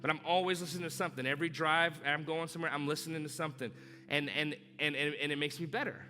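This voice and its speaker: A male pastor preaching a sermon, repeating key lines and rising to loud, emphatic urging. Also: on the high side, steady tone, fast. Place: church hall. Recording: long church reverb with music behind.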